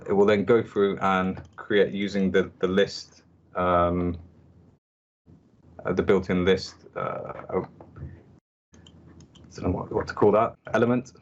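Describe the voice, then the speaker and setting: A man walking through a code sample on a screen-share call, halting, with many restarts and fillers. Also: deep voice. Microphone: computer mic on a video call. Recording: dull video-call audio with typing.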